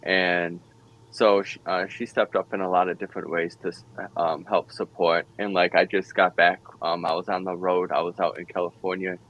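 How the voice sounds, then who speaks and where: A man with a very low, flat voice talks hesitantly, restarting his sentences. Faint ambience sits behind him. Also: moderate pace, highs cut off, slight background noise. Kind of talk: casual chat.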